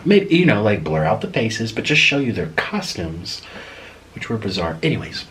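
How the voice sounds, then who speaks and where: A man with a lowish, fairly bright voice, big pitch swings, and a moderate pace hosts a mukbang vlog. Playful and rambling, he chats with viewers and coos at his pet bird, captured on a distant mic with clear background noise.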